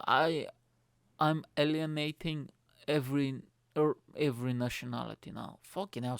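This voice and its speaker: Young male podcast host, gravelly voice, dry close sound, sweary self-mocking ramble. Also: mid-range voice, no echo. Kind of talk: casual solo rant.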